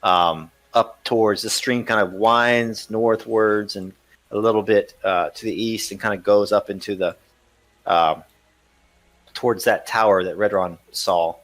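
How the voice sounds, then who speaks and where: Man GM, lowish voice, halting narration of a tabletop game. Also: steady tone, a bit bright. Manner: hesitant, many fillers. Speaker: game master.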